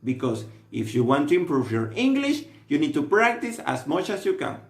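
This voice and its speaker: A male language teacher narrates a scripted lesson in a steady, instructive way at a moderate pace. His fairly high voice rises and falls with lively intonation, and the recording has a noticeable roomy echo.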